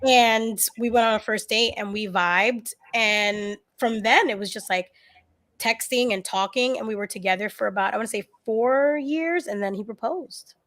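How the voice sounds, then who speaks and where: A woman guest on a podcast telling stories in a casual, animated way, laughing often and acting out what people said. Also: on the high side. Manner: animated, laughing, quick to act out quotes. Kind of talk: casual interview storytelling.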